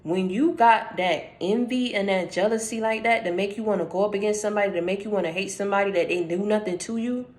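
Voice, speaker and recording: A woman's voice: mid-range voice, quick pace, hardly any pauses, a little mellow. Woman preaching casual, slangy, talks to you like a friend, prophetic word vibe. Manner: conversational and preachy, slangy storytelling. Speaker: prophetic speaker. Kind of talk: informal prophetic message.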